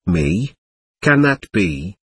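A man's voice: mid-range voice, sing-song, moderate pace, fairly bright tone, husky, no room sound. A man reading the lines of a proud, distressed young woman in an audiobook, defiant and faltering. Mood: startled.

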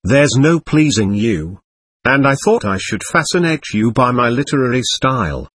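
A man's voice: mid-range voice, sing-song, moderate pace, fairly bright tone, breathy edge. A man reading as a sly, mocking male devil who muses ironically and pities himself, in an audiobook of a novel. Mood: teasing. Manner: ironic, theatrical, self-pitying musing.

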